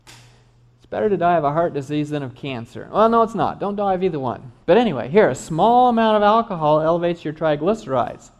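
A middle-aged man, a doctor, giving an animated health lecture with joking asides to his audience. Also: a little high, fairly quick, muffled recording.

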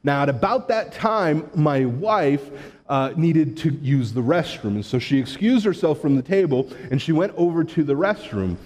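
A man's voice: a little high, expressive, normal speed, darkish tone. A man who grew up in Massachusetts, a pastor preaching a sermon in a conversational storytelling manner. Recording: long hall reverb.

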